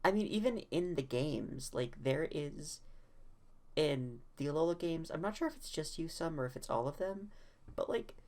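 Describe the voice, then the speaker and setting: Deep-voiced blunt young woman, lively. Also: normal speed. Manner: blunt, matter-of-fact. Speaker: podcast co-host. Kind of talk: casual chat.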